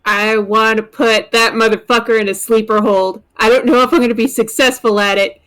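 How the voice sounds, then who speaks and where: A woman player in a tabletop role-playing game, blunt and quick to swear. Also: on the high side, level tone, fairly bright tone. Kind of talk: casual tabletop game play.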